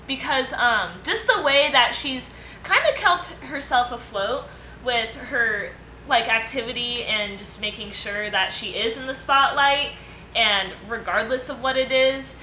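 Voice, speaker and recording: A woman's voice: a little high, unhurried. A woman co-hosting a casual podcast discussion, presenting her segment in a loose, chatty way with lots of fillers and easy laughter. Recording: echoey room with steady background noise.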